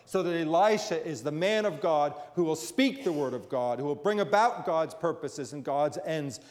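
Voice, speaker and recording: A northern New Jersey man preaches a sermon, reading scripture and dropping in conversational asides. His voice is a little high and slightly mellow, moving at a moderate pace with hardly any pauses. The long reverb of a large hall surrounds it.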